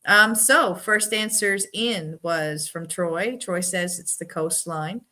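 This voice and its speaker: A woman's voice: on the low side, slow, bright, forceful tone. A woman from Newfoundland with a Newfoundland accent, hosting a casual live-stream trivia game, chatty and giggly, reading viewers' answers aloud and teasing them by name. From Newfoundland, Canada.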